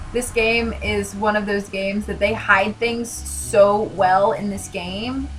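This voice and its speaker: A woman's voice: medium pitch, a bit bright, low-quality recording. A young woman casually commenting as she livestreams a video game, chatty and giggly, rambling with lots of "like". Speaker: streamer playing a video game.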